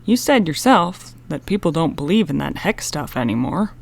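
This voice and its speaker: A woman's voice: low-pitched, big pitch swings, moderate pace, gravelly, full character voice. Woman voicing a cool, skeptical teenage boy. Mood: calm. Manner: unconcerned, matter-of-fact.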